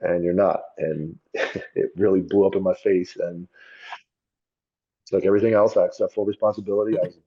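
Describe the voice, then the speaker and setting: A man's voice: low voice, fairly even intonation, a little fast, long pauses, mellow, husky, lo-fi sound. A former police officer as a podcast guest, telling his story in a blunt, profane, self-critical way. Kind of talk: candid conversational storytelling.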